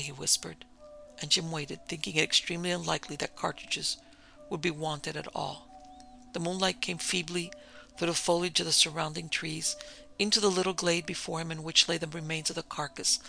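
A man narrating a story aloud in a measured, even reading. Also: on the high side, gravelly. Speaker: audiobook narrator.

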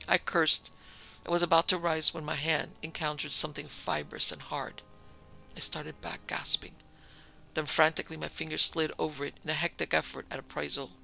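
Gravelly, bright-toned male story narrator. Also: a little high, little pitch movement, rough recording. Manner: measured, tense storytelling. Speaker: narrator and producer. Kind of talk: scripted horror story narration.

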